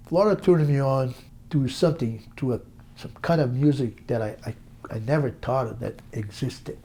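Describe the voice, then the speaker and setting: An older man from Brazil with a Brazilian accent, telling stories in an interview in an animated, halting way. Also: mid-range voice. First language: Portuguese. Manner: animated, halting, acts out voices in quotes. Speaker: interview guest, musician. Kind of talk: storytelling interview.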